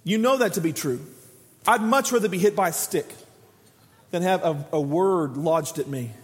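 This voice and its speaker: A man around forty, a pastor preaching a sermon with lively storytelling, acting out the voices in his stories. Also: high voice, moderate pace, big-room sound. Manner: lively storytelling preacher who acts out quoted dialogue.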